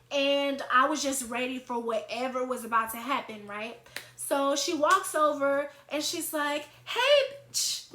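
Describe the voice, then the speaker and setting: A young woman vlogger telling a storytime tale in an animated, chatty way. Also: a little high. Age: young adult. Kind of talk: storytime vlog. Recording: echoey room.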